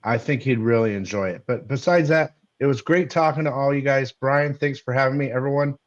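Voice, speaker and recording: A man's voice: medium pitch, a little fast, dull audio. A man who runs a comic shop and makes videos, talking in a friendly, plainspoken, businesslike way on a podcast. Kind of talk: casual podcast chat.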